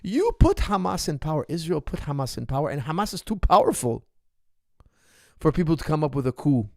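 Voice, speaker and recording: A man who coaches martial arts hosts a question session, talking emphatically and repeating his points as he builds to forceful outbursts. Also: on the high side, very animated, brisk, vocal fry, no echo, clean studio sound. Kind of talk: impassioned monologue commentary.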